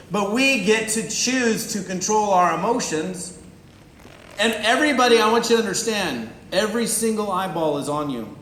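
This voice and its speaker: A man from the United States giving a joking, animated motivational talk to a live audience, acting out little scenes. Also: sits high. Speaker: motivational speaker. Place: event hall with audience. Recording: roomy hall recording.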